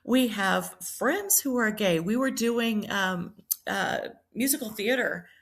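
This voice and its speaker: A woman's voice: mid-range voice, animated, slow, vocal fry. A middle-aged woman from South Carolina, a priest and nurse telling her life story in a podcast interview, reflective and full of ums and restarts. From Charleston, South Carolina.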